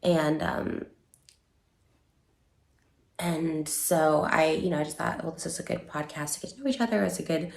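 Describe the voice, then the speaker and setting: Low gravelly woman in an echoey room. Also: a little mellow. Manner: halting, many fillers and restarts. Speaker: online creator giving a statement. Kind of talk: emotional personal statement video.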